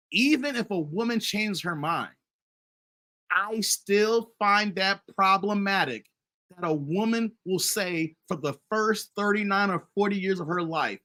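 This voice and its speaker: A middle-aged man runs a casual commentary live stream in a bright, forward voice. He keeps talking straight to his audience as "guys" and "fellas". His sentences often stumble and start over. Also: high-pitched. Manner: animated, addresses viewers as guys and fellas; repeats himself and restarts often. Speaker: commentary channel host.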